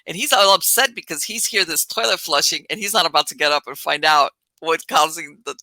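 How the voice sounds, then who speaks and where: Podcast host lady, super bright voice, chatty animated storytelling, dry sound. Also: deep voice, a little fast, no room sound. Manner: animated, laughing as she tells it. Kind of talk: casual storytelling.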